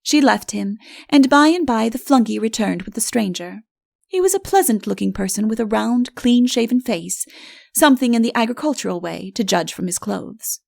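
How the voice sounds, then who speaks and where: A woman narrating an audiobook fairy tale in a wry, lively storytelling manner. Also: on the high side, moderate pace, vocal fry.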